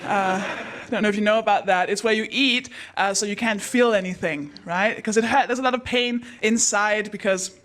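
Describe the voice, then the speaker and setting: A woman hosting a live storytelling night, telling self-mocking stand-up jokes with punchy deadpan timing. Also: medium pitch, moderate pace, few pauses. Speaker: host and stand-up comedian. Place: live stage before an audience.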